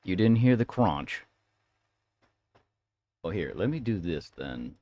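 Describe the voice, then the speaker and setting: A man's voice: deep voice, very animated, slow, dark tone, no room sound. A man hosting a live stream, chatting casually and playfully with viewers. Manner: laid-back, playful.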